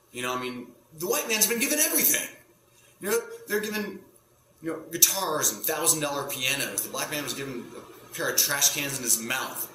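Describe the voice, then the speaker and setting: A male stand-up comedian talks to camera in a bright, forceful voice, often cutting himself off and circling back to his point. The sound is roomy and echoey, and a faint hum runs under it. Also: medium pitch. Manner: rambling, self-interrupting, provocative. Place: home setup in front of a green screen.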